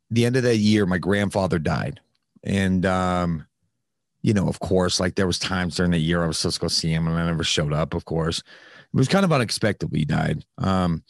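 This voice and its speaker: Deep-voiced man telling a candid story. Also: vocal fry, a little mellow, dry recording, clean studio sound. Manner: candid, with frequent fillers and some swearing. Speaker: podcast host, guest telling his recovery story. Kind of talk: casual conversational storytelling.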